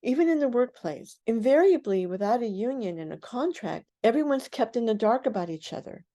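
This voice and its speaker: An older woman who is a guest on a radio interview, recounting her past in an animated way and acting out the voices of people she quotes. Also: on the high side, a little fast. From United States.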